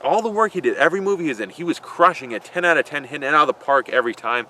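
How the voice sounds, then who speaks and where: A man's voice: on the high side, expressive, rapid-fire, pushed and bright, a little hiss or hum. A man casually answering viewer questions outdoors, rambling and joking with frequent swearing. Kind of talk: casual Q&A vlog. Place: outdoors in a built-up area.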